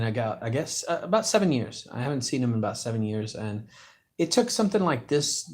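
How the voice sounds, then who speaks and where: A man talks loosely and warmly to his channel's viewers from a hospital bed. His voice sits at an average pitch, and he wanders from one thought to the next. He fills gaps with "man" and "I'm telling you". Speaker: junk removal business owner and channel host. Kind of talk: casual livestream chat. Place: hospital room.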